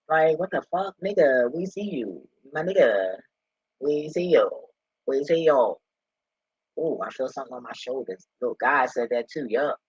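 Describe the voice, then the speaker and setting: A man's voice: mid-range voice, breathy edge, no echo, highs cut off. A man ranting casually and profanely about church leaders, laughing and swearing freely. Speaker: commentator.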